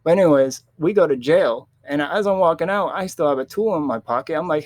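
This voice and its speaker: A man's voice: a little high, brisk, few pauses, no echo. A young man telling a rambling, casual story about his past, with restarts and quoted voices, close to the mic. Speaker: vlogger.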